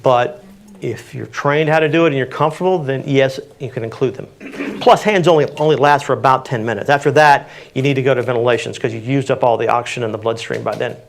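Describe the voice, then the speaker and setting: A man's voice: medium pitch, fast talker, vocal fry. Plain-spoken man teaching CPR. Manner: practical, plain-spoken, with frequent fillers. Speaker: CPR instructor on a community panel. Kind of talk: answering audience questions.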